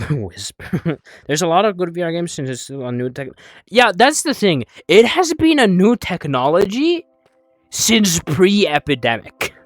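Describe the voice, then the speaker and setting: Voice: medium pitch, sing-song, a little slow, no echo. A young adult streamer chatting casually while playing a VR game, rambling, swearing and answering chat, a bit out of breath.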